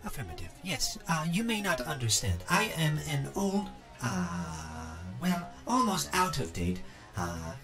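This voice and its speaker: A man voicing an old, outdated male robot who speaks in a stiff, halting, formal way. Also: fairly high pitch, wildly swooping pitch, over music, full character voice. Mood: earnest.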